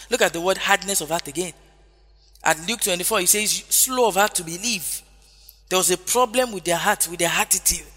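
Emphatic high-voiced preacher in a reverberant hall. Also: male voice, bright, forceful tone. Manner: emphatic, repeats key phrases, frequent hallelujahs. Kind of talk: sermon. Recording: long hall reverb with faint music.

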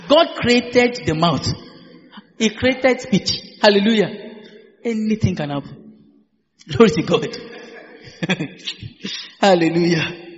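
Preacher guy, high voice, keeps shouting hallelujah and laughing, dull lo-fi sound. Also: slight background noise. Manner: exuberant, laughing, peppered with hallelujahs and repetitions. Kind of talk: sermon. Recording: echoey hall, dull lo-fi sound.

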